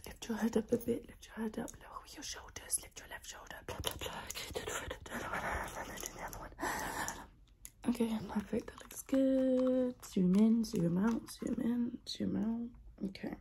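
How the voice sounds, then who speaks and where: A woman doing a chaotic whispered role-play, out of breath, repeating quick instructions close to the mic. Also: fairly high pitch, fairly even intonation, creaky, dark tone. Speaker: ASMR creator.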